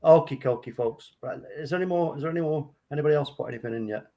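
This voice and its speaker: A man's voice: a little high, rapid-fire, dark tone. A man co-hosting a casual chat, laughing often and joking in slang. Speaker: co-host.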